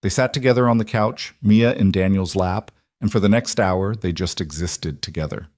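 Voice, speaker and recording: A man reading a dramatic story aloud in a steady, measured narration voice. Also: low voice, no room sound, studio quality.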